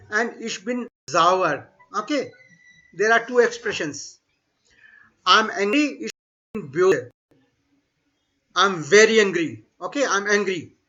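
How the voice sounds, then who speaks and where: With lively intonation, a man with a bright, high voice runs a German lesson over the internet. Each phrase comes slowly and repeatedly, followed by an explanation in English mixed with Hindi, captured in dull, lo-fi sound.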